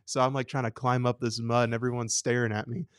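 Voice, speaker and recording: A man's voice: mid-range voice, level tone, quick pace, clean tone, dry recording, studio quality. Man telling a story, acting out voices. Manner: acts out voices, laughs often. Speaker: radio show co-host. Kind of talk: casual chat, animated storytelling.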